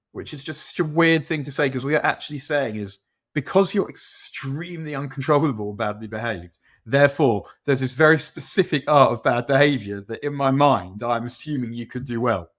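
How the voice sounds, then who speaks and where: Guy on a football podcast, rambles and restarts, mid pitch, laughs at himself. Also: fairly quick, fairly bright tone. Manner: rambling, self-mocking, restarts often. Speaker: podcast co-host. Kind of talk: casual football chat.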